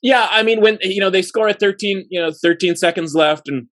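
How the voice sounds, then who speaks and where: A man's voice: high-pitched, fairly quick, fairly bright tone. A man co-hosting a sports betting podcast, talking in a loose, rambling way and leaning on fillers like "you know" and "like". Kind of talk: casual podcast chat.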